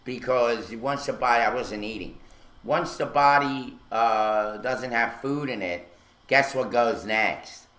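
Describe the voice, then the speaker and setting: A man's voice: medium pitch, slow pace, a bit bright. Rambling man in an echoey studio. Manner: rambling storyteller, many fillers. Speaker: radio show co-host. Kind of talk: casual chat. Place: radio studio.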